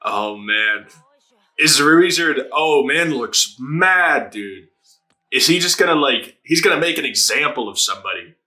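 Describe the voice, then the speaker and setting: A man reacting to anime on his channel speaks in an expressive, mid-range voice with a sharp tone and a measured pace. He chats casually, laughs frequently, swears, and reenacts characters' lines.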